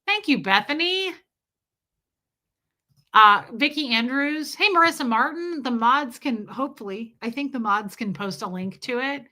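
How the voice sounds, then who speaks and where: A woman with a high, bright voice speaks unhurriedly, her intonation lively and her tone forceful. She's hosting a live stream, chatting casually and affectionately answering viewers' comments one at a time.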